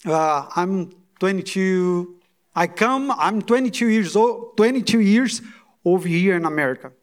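A man's voice: sits high, lively intonation, unhurried. A man in his forties, a pastor, praying and preaching with emphatic repeated phrases. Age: 40s. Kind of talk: sermon with prayer.

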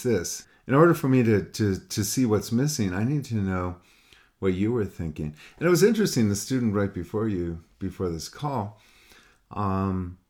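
Low-voiced man teaching painting. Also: darkish tone. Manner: rambling, repeats words, quotes students in other voices. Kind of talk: casual one-on-one critique talk. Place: call with a student.

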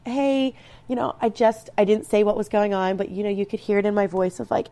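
Earnest woman with a mellow voice. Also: mid-range voice, fairly even intonation, brisk. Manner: earnest, rambling with many restarts. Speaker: speaker sharing personal growth advice. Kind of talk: reflective personal talk.

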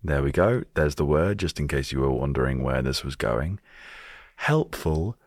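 A man's voice: rumbling low, animated, moderate pace, no room sound, clean studio sound. A British man hosting a solo storytelling podcast, talking with wry, self-deprecating humor. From Britain. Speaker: podcast host.

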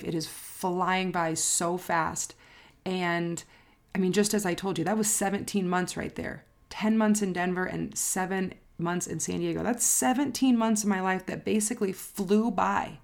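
Speaking straight to camera in a personal vlog, a woman life coach is earnest and reflective, repeating phrases for emphasis. She's emotional and near tears, her fairly low voice creaky.

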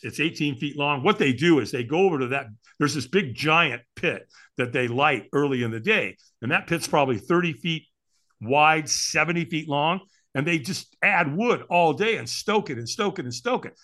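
Animated man telling a story. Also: a little high. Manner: animated, emphatic, asks rhetorical questions. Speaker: podcast guest. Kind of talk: storytelling in an interview.

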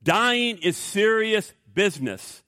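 A man preaching a sermon as pastor, animated, acting out inner voices for his congregation. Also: high-pitched, slow, no echo, clean studio sound. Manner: animated, acts out voices of flesh and Spirit.

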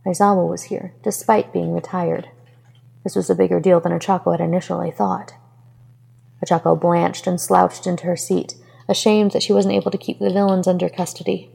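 A woman reading a fan fiction story aloud with expressive narration. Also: lowish voice, a little fast, vocal fry, husky, long reverb tail.

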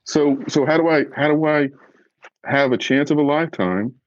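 A man's voice: a little high, normal speed, dry recording, dull audio. A man, a professional fisherman, talking candidly as a podcast guest, blunt and earnest, a self-described fiery man who gets right to the point.

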